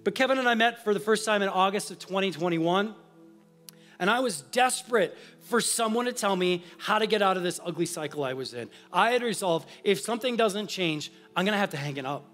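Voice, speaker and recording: Male pastor with a high voice who preaches his testimony earnestly over faint music. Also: expressive, a little fast. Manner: earnest and confessional, swinging from hushed to emphatic. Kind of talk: sermon with personal testimony.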